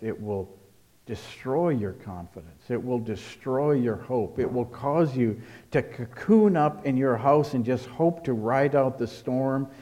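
A man preaching a sermon as pastor, earnest, with quiet asides and forceful stresses. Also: mid-range voice. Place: church service.

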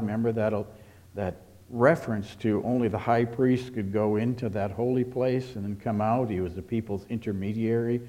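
A man preaching a sermon as pastor, earnest, with quiet asides and forceful stresses. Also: on the low side, steady tone, normal speed. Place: church service.

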